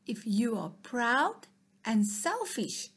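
A woman reading a children's storybook aloud in a high, husky voice. She takes her time and sometimes drops to a soft near-whisper. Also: big pitch swings, slow pace. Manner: soft, dropping to a whisper at times.

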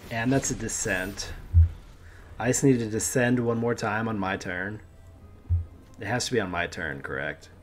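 A man's voice: on the low side, moderate pace, long pauses, faint music behind. A man giving casual commentary while playing a card game, chatty and talking to the game with lots of "dude". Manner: chatty, pleads with the game, says dude a lot. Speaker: gameplay streamer.

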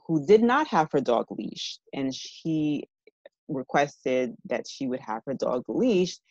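A woman's voice: low voice, darkish tone, no echo. Woman lecturing, dry and muffled. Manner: measured, explanatory, checks in with listeners. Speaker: university lecturer. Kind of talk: evening lecture to an audience.

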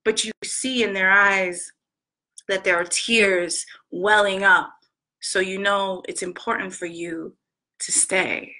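A woman vlogger talking in an earnest, gentle way, retelling a scene and acting out its quoted lines. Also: fairly low pitch, poor audio. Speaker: inspirational vlogger. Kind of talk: heartfelt storytelling monologue.

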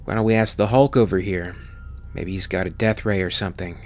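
A man's voice: low voice, fairly even intonation, a little fast. A man voicing a bitter, sarcastic sci-fi pilot. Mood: angry sarcastic. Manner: sarcastic, raising his voice. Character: cynical, short-tempered male pilot, frightened.

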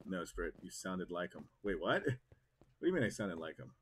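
A young man giving excitable, jokey live commentary while streaming a game. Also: low-pitched, brisk, husky.

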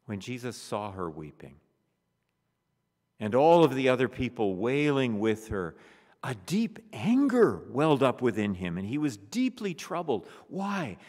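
A pastor preaches a funeral sermon in a church whose long reverb trails every phrase. His delivery is slow and measured, and his pitch rises and falls widely as he moves between emphatic lines and a hushed near-whisper. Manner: expressive preaching, drops to a hushed near-whisper on solemn words. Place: church sanctuary.

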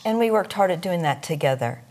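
Woman, pastor's wife, affirming, slightly low voice. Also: animated, a little fast, a little mellow. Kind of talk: interview conversation.

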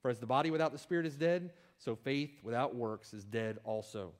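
A man preaching a sermon as pastor, reading scripture aloud with emphatic rises and pauses and directing listeners to verses. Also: mid-range voice.

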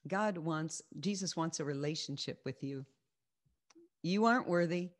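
Woman, lowish voice, Christian teaching and testimony, earnest, repeats phrases, video call. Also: measured pace. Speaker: faith group teacher.

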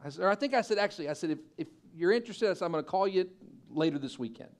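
A man with a high, bright-toned voice preaches to his church. He tells stories with energy, acting out other people's lines and pushing to loud, excited peaks. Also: very fast. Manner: animated storyteller, acting out quoted voices and building to loud peaks. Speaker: pastor. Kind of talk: sermon with storytelling.

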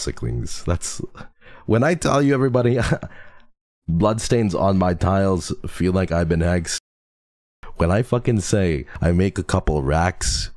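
A man's voice: low-pitched, darkish tone, no echo. A man streaming and chatting with viewers while congested from a cold, playful and teasing with frequent laughter. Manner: playful, teasing, laughs often, mixes in Tagalog and Korean endearments. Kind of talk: casual chat with chat readers.

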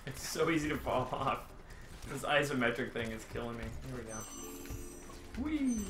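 A man's voice: medium pitch, fairly even intonation, fairly quick. A man co-playing a video game in casual chat, swearing and laughing freely. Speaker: co-player. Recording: echoey room with game music.

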